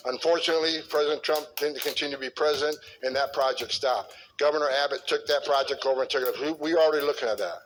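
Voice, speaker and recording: A middle-aged man, a former border official, speaking bluntly and forcefully with frequent stumbles and repeated words. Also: on the high side, quick pace, few pauses, a little hiss or hum, low-quality recording. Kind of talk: clip of a talk or interview.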